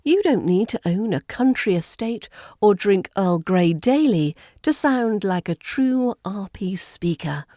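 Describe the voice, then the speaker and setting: A woman with an English RP accent, teaching pronunciation in a scripted podcast with clear, crisp enunciation and playful emphasis. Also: mid-range voice, animated, unhurried, few pauses, warm tone, dry recording, clean studio sound. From England. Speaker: accent coach.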